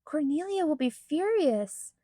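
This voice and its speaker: Woman reader doing an excitable young girl, very high and whiny, dry sound. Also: unhurried, no echo. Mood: wailing. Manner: whiny, easily flustered. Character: excitable whiny ten-year-old girl.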